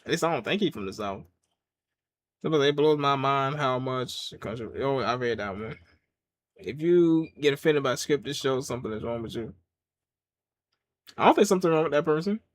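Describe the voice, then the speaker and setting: A man's voice: medium pitch, animated, moderate pace, pauses often, dry recording. A man giving a casual watch-along review of a wrestling show, rambling through jokes and rants and laughing often. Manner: loose, joking rants with frequent laughs.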